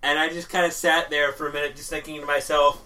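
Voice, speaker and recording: A man chatting on a podcast among friends, rambling through his points with easy laughter. His voice sits a little high. He is heard from a short distance, not right on the microphone. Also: little pitch movement, fast talker, bright, forceful tone. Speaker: podcast co-host. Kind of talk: casual group chat.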